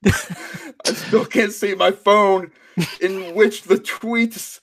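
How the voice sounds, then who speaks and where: A man's voice: high-pitched, fairly even intonation, extremely slow, fairly bright tone. A man co-hosting a comedy podcast, flustered and laughing at himself as he chats casually. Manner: flustered, laughing, self-mocking.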